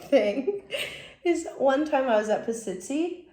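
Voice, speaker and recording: Young aussie woman gossiping and giggling, mellow fairly high voice, echoey room. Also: expressive, a little slow, slight background noise. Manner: giggly, emotional storyteller. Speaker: podcast co-host. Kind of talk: casual chat.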